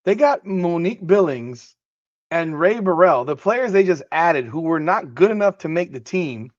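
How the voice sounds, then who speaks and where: Man, podcast host, casual rant, profane, repetitive, higher pitch, dull dry sound. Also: expressive, normal speed, no room sound. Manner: blunt, profane, repeats himself; greets chat viewers by name. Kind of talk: casual livestream commentary.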